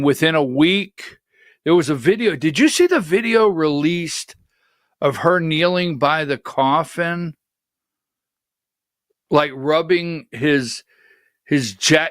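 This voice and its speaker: With a slightly high, fairly bright voice, a political talk show host rambles through blunt, skeptical livestream commentary. The sound is dry and clean, studio-grade.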